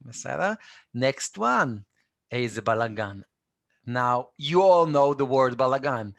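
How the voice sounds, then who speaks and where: Male tutor, patient drilling style, gravelly tone, dead-dry room. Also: mid-range voice, lively intonation, unhurried, fairly bright tone. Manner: patient, repeats phrases for students to echo. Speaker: Hebrew teacher. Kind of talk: live online language lesson.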